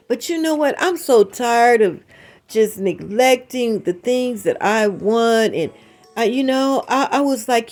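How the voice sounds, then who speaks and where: A woman's voice: fairly high pitch, gravelly, slightly rough. A woman hosting her own channel, telling a story casually and acting out the dialogue, with emphatic asides to the viewers. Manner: animated retelling with quoted dialogue. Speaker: channel host.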